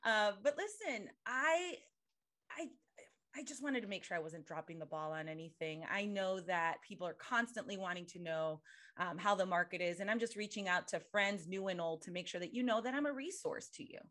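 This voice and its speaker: A woman's voice: medium pitch, lively intonation, normal speed, a bit bright. A married woman co-hosting a casual podcast, chatty and open about how emotional she gets. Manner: chatty, emotional, laughs often. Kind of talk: casual conversational chat.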